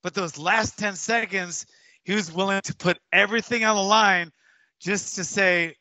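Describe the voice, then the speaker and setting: A man's voice: high voice, normal speed, sharp tone, dry recording. A man in his fifties from Hawaii, a martial arts coach telling stories in a casual interview with many restarts. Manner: rambling, with many restarts and fillers. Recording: dull, dry, lo-fi sound.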